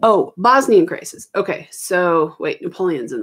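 Lowish voiced woman teacher going over exam stuff at home, lots of ums and oops-i-mean. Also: expressive, moderate pace, husky. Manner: casual, rambling explanation with many ums and self-corrections. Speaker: history teacher. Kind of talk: recorded exam review lesson. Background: children arguing in the background.

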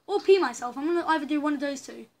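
A young woman chatting through a story game, reacting loudly and with dismay to what happens on screen. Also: sits high, animated, racing. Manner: chatty and reactive, frequent loud dismayed outbursts. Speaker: gamer playing a story game. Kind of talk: let's play commentary.

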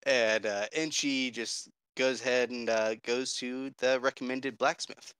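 A man's voice: mid-range voice, steady tone, a little slow, hardly any pauses, fairly bright tone, smooth, no room sound. A man playing a tabletop game, describing his character's actions with a brash, curt edge. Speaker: player.

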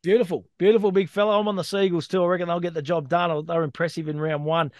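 A man's voice: sits high, level tone, quick pace, dry recording, clean studio sound. An Australian man co-hosting a sports betting podcast, reading out odds and stats in a chatty, matey way. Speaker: co-host.

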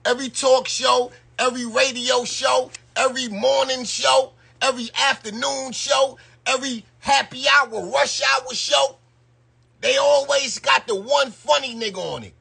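A man's voice: extremely high pitch, steady tone, measured pace, vocal fry, pushed and bright, slightly rough. A man giving loose, slangy live-stream commentary and talking straight to his viewers. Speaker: YouTube commentator.

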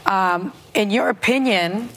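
A woman moderating a talk show, briskly reading a note and posing a question. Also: mid-range voice, crowd noise.

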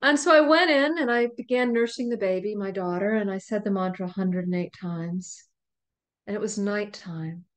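A middle-aged woman talks as a podcast guest, retelling a personal story with animated energy. She laughs often as she goes. Her pitch sits in an ordinary middle range. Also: normal speed. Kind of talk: storytelling in conversation.

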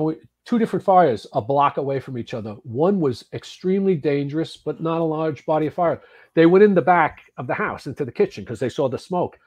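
A man in his early sixties from the United States, a podcast guest telling firefighting stories casually, animated and swearing, with frequent restarts. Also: on the high side. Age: 60s. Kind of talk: casual storytelling.

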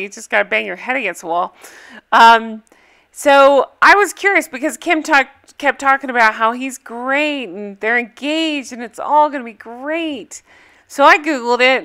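A woman's voice: on the high side, sharp tone, smooth. A woman chatting casually as she recaps a reality TV episode, gossipy and full of fillers.

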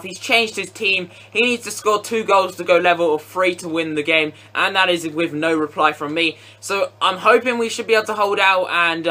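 A young man giving excitable, sweary live commentary on a football video game, shouting at goals. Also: high-pitched. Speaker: gaming commentator.

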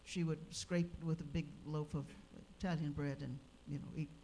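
A woman speaker at a religious gathering, telling an anecdote in a lively, animated way with humorous asides. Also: low voice, normal speed, a little hiss or hum. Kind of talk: anecdotal storytelling. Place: live gathering hall.

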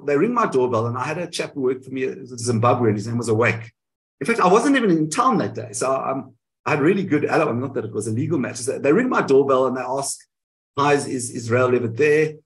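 Man, interview guest, animated storytelling, restarts sentences, video call. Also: medium pitch, fast, low-quality recording. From South Africa. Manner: animated storytelling, frequent self-corrections. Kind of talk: candid interview recounting events.

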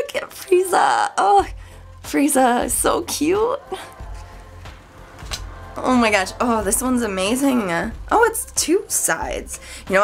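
Young woman squealing over an unboxing, high voice, cracky, faint music behind. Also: fairly bright tone. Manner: gushing, squealing exclamations, chatty. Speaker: YouTuber. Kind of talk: excited unboxing vlog.

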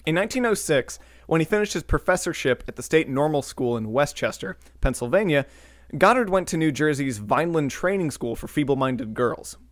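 A man's voice: a little high, lively intonation, fairly quick, no room sound. Dry-miked man reading history notes. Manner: reads notes with joking asides and occasional slips. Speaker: podcast co-host reading the episode script. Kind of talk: scripted history narration mixed with casual chat.

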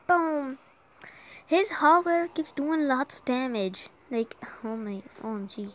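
A woman giving excited live gameplay commentary while she has a sore throat from an oncoming cold. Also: high voice, takes it slowly, long pauses. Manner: excitable, urging the game on aloud. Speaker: gamer.

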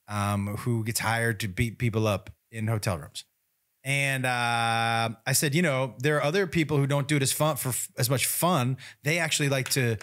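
A man co-hosting a podcast in a studio, telling a story in a casual, animated way and laughing often. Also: medium pitch. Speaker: podcast co-host, comedian.

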